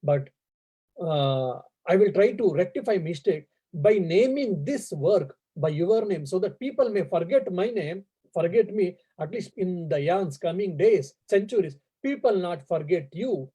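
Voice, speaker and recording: An earnest, absent-minded old scholar, courteous and formal even when he scolds, as a lecturer acts him out. The voice sits fairly high, with a mellow, husky tone. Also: unhurried, exaggerated voice, poor audio. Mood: remorseful. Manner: polite, apologetic, formal.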